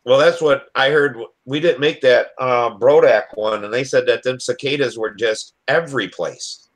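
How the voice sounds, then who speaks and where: A man's voice: mid-range voice, moderate pace. A plain-spoken man from Michigan with a mid-range voice, talking on a video call. He chats casually and keeps asking the others questions. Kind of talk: casual chat, swapping stories.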